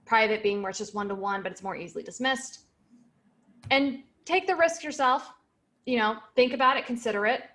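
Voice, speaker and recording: A woman's voice: a little high, fairly quick, fairly bright tone. A woman co-hosting a sales podcast, giving direct and emphatic advice in a casual chat. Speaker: podcast co-host.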